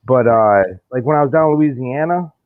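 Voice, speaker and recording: A man's voice: medium pitch, no room sound. Man, casual storyteller, folksy drawl, dry phone-quality audio. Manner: folksy, drawn-out anecdotes with laughs. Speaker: live-stream chat participant. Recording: dry, tinny phone-like line.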